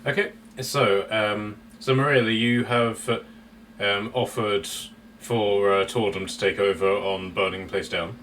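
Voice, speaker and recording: A man running a tabletop game as dungeon master, easygoing and chuckling, halting with fillers. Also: lowish voice, fairly even intonation, fairly bright tone, far from the mic, a little hiss or hum.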